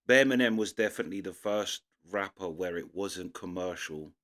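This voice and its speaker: A young man with a London accent talks through a reaction video in a casual, rambling way. His voice sits low and deep. He stops and restarts his sentences often and fills the gaps with fillers. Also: brisk, a bit bright. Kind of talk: casual commentary.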